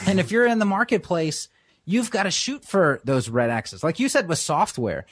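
A man hosting a podcast, talking emphatically and mimicking quoted voices in a lower tone. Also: sing-song, moderate pace. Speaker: podcast host. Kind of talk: casual conversational talk.

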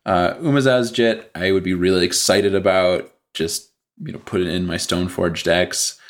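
A man's voice: low-pitched, moderate pace. A man talking casually as a guest on a podcast, laughing often and joking at his own expense. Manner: laughs often, self-deprecating.

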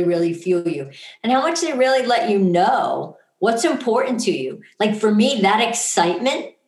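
A woman's voice: mid-range voice, roomy sound. A woman co-hosting a casual motivational chat, upbeat and coaching, often checking in with "right?". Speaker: podcast co-host.

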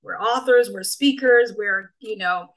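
A woman's voice: mid-range voice, measured pace, low-quality recording. A woman coach and speaker in casual conversation, talking emphatically and repeating key phrases for effect.

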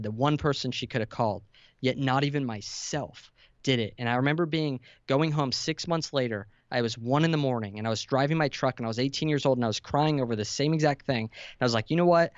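Young male guest, earnest storyteller, dry flat-sounding mic. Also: mid-range voice, no echo, lo-fi sound. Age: 20s. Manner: earnest, vulnerable, builds to intense emphasis. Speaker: podcast guest, entrepreneur. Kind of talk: emotional storytelling in conversation.

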